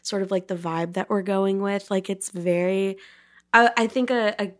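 A woman's voice: mid-range voice, steady tone, normal speed. Woman from Wisconsin, podcast host, giggly and playful, keeps the chat moving. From Wisconsin, USA. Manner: giggly, playful, steers the talk. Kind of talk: casual chat.

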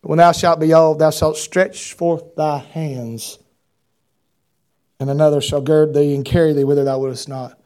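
Preaching at a moderate pace in a fairly high voice, this man reads King James scripture with animation. His sermon climbs steadily until he's crying out fervently.

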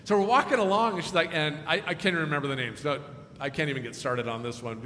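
A man preaching a sermon as pastor, telling a story and moving between hushed, quiet passages and emphatic, raised ones. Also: fairly high pitch, quick pace. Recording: echoey hall with long reverb and faint noise.

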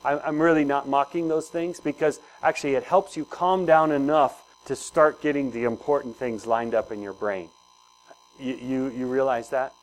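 A man's voice: mid-range voice, fairly even intonation, normal speed, rough recording. A man preaching a sermon in a conversational way, asking the congregation questions and repeating key phrases. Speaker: pastor.

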